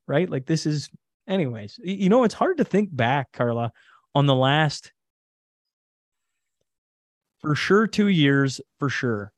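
A man's voice: medium pitch, expressive, measured pace, long pauses, no room sound. A man from Canada with a Canadian accent, a podcaster and interview guest, talking candidly with many fillers. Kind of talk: casual conversational interview.

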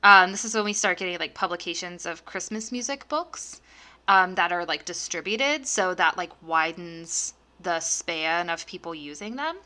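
A woman's voice: on the low side, animated, normal speed, sharp tone. A young woman co-hosting a podcast, chatting casually with lots of fillers and laughs. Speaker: podcast co-host. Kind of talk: casual chat.

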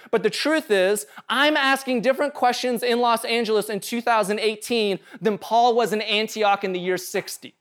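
A man's voice: high-pitched, smooth. A male pastor preaching a casual, conversational sermon, joking and often checking in with the room. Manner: casual, conversational, jokey, asks "right?" often.

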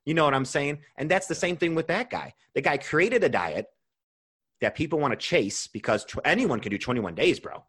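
A young man hosting a podcast as a nutrition coach, talking casually, animated and swearing freely as he rants. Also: a little high, normal speed, breathy edge.

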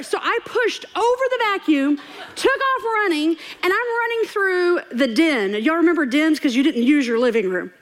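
A woman's voice: extremely high pitch, normal speed. A woman telling a funny personal story in a sermon, laughing and acting out voices. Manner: animated, laughing storyteller who acts out quotes. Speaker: preacher. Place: church stage before a congregation.

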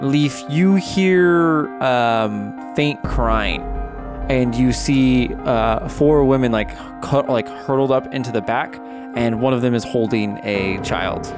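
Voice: medium pitch, slow, music in the background. A person running a tabletop game as dungeon master, narrating scenes in an offhand, teasing way.

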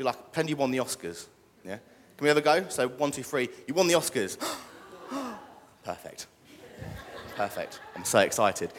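A man's voice: mid-range voice, fairly bright tone. A young British man preaching a casual sermon and joking with the congregation. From Britain. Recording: echoey church hall.

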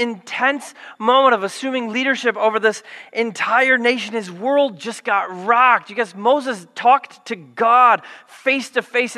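A man preaching with a high, bright, ringing voice that carries a long hall reverb. He tells the story casually and with humor, acting out the lines of the people in it and sometimes raising his voice to a yell. This is a church sermon. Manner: animated, jokey storytelling with acted quotes and yelled lines. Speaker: pastor.

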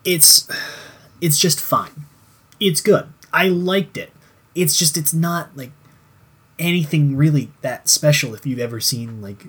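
A young man chatting casually as a podcast co-host, at a middle pitch. He rambles, restarts his sentences and swears freely as he picks apart a show's tropes. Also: a bit bright, husky. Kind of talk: casual profane chat reviewing a show.

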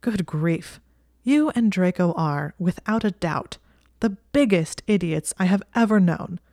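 A woman's voice: fairly low pitch, animated, unhurried, warm tone, no room sound, clean studio sound. Woman reading a sardonic exasperated young wizard. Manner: wry, sardonic, aggrieved. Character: exasperated dry-witted young wizard, male.

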